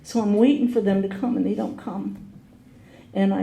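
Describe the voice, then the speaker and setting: Her voice is mid-range and dark with vocal fry, delivered at normal speed and with fairly even intonation. Speaking at an AA meeting in a hall, this woman earnestly tells her personal recovery story, acting out people she quotes, amid echo and faint noise.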